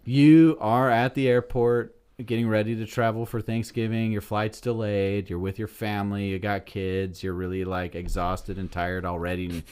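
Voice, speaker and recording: A man co-hosting a casual comedy podcast, spinning an animated story with lots of swearing. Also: lowish voice, normal speed, hardly any pauses, clear, resonant tone. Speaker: podcast co-host.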